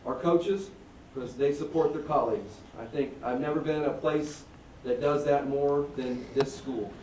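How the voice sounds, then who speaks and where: A man's voice: mid-range voice, fairly even intonation, normal speed, mellow, a little hiss or hum. A man, an athletic director, giving a folksy press-conference speech full of thank-yous. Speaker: athletic director introducing a coach. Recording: roomy echo, voice from far off.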